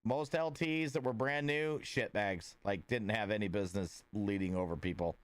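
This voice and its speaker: A laid-back man chats with his livestream viewers in a smooth, resonant voice. The sound is dry and close, with no room echo. He meanders through thoughts with plenty of filler words and restarts. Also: on the low side, moderate pace. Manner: laid-back and friendly, greeting viewers by name. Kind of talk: casual livestream chat with viewers.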